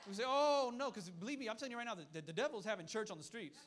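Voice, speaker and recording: A man preaching a sermon with a high voice that rattles along at a fast clip. He hammers his points home through repetition and throws quick asides out to the congregation. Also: expressive, a bit bright. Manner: fiery, repetitive preaching with call-and-response asides. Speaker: pastor.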